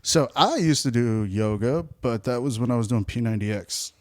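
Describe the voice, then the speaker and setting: A man's voice: mid-range voice, animated, normal speed, darkish tone. A man hosting a casual podcast chat, easygoing, laughing often and asking teasing questions.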